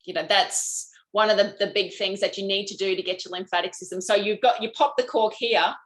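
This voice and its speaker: A woman's voice: mid-range voice, steady tone, fairly quick, rough recording. A woman with an Australian accent hosting a live stream, chatting frankly and answering viewer comments about lymphatic health. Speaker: host, lymphatic health practitioner.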